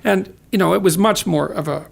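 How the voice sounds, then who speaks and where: A man's voice: high-pitched, brisk, gravelly, husky. A man speaking as a podcast guest, earnest and lecturing, with sardonic asides. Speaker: guest author. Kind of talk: conversational podcast talk.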